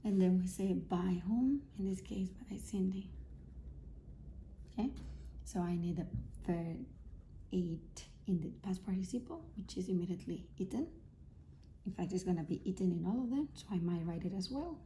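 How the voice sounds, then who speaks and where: Woman teacher, very dark mellow tone, patient grammar lesson, checks in often, self-filmed. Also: fairly low pitch, moderate pace, long pauses, a little hiss or hum. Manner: patient, repeats key points, checks in with "okay?" and "right?". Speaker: English teacher. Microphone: self-filmed camera.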